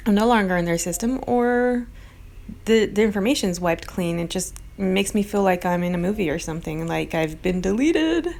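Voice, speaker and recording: A woman's voice: medium pitch, creaky, darkish tone. A woman hosting a casual vlog, talking in a rambling, earnest way and getting defensive toward critics. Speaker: video host.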